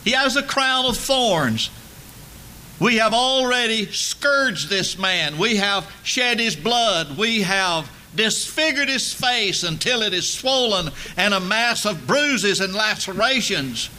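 A man preaching a sermon, emphatic and building to loud dramatic peaks. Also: high-pitched, lively intonation, slow pace.

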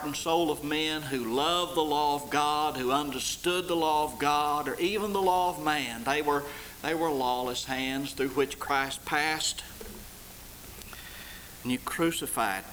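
A male preacher with a bright, forceful tone and a slightly high pitch for a man. He preaches slowly, building to loud, stretched climaxes before dropping to low, quiet lines. A faint hiss runs under the recording. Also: steady tone, low-quality recording. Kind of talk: sermon.

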